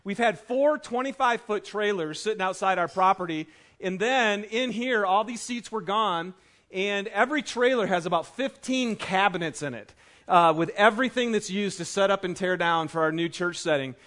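High-voiced chatty male pastor. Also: moderate pace, a bit bright. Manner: chatty and enthusiastic, many fillers. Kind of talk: casual sermon with family stories. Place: church auditorium.

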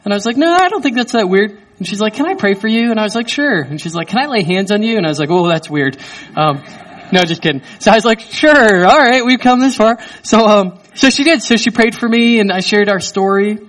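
A man in his thirties preaching in a church hall, telling a personal story in an animated, self-mocking way. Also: high-pitched, fast talker. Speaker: pastor. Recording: voice distant from the mic.

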